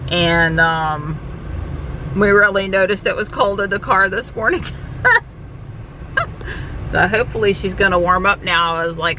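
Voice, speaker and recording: Woman vlogger, casual driving chat, medium pitch, noisy car ride. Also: unhurried, pauses often. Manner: chatty, laughs often. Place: inside a car.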